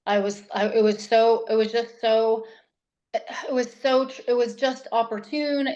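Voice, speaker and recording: A woman from New Hampshire, a parenting coach, talking in an interview in an animated, rambling way with many restarts. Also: fairly high pitch, a little slow, lo-fi sound. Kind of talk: casual interview talk.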